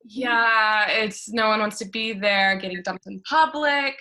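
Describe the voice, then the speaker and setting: A young woman performs a stand-up set from her living room over a video call. Her voice is bright and forceful, with a middling pitch. She mocks herself and keeps breaking into laughter at her own lines. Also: a little slow. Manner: self-mocking, laughs through her punchlines. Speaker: stand-up comedian. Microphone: webcam on a video call.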